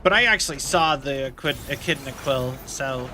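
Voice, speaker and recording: A man streaming a video game, chatting casually and thinking out loud with lots of filler words. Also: mid-range voice, moderate pace, slight background noise. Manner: rambling, thinks aloud with many fillers. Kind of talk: casual gaming stream commentary.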